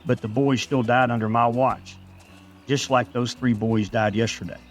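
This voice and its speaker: Weary army officer guy, narrator doing the voice, low and somber, plain even tone. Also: moderate pace, faint music behind, lightly acted.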